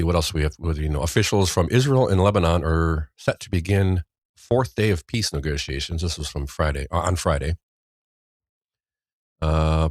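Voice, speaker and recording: A deep-voiced man hosts a casual news podcast, wandering through stories with a wry, offhand humor. He often trails off mid-sentence. His voice sits close to a dry, dead mic. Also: no room sound. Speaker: podcast host.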